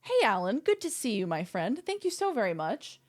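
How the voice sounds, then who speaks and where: A woman's voice: fairly high pitch, huge pitch swings, normal speed. Playful young woman streamer chatting. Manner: playful, rambling, goofy asides. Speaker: live streamer. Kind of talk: casual chat with stream viewers.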